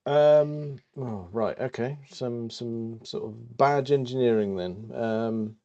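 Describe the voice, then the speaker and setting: Guy musing slowly, lots of ums, dark-ish tone, kinda muffled lo-fi sound. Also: mid-range voice. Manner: slow, musing, thinks aloud with many ums. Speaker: podcast co-host. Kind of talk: casual chat.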